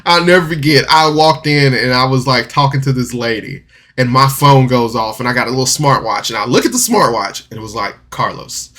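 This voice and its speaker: A man vlogging a personal story, candid and rambling, doubling back with restarts and rueful laughs. His voice is bright and forceful, sitting at an ordinary pitch for a man. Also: normal speed. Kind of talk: casual personal storytelling to camera.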